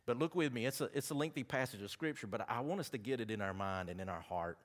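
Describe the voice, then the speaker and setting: A man's voice: mid-range voice, animated, fast talker. A man with a Southern accent preaching a sermon, chatty and folksy, with asides between the scripture readings.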